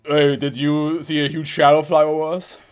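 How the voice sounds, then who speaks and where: A man reacting out loud to an anime episode, laughing, swearing and talking back to the screen. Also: fairly high pitch, little pitch movement, moderate pace, clear, resonant tone. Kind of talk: casual reaction commentary.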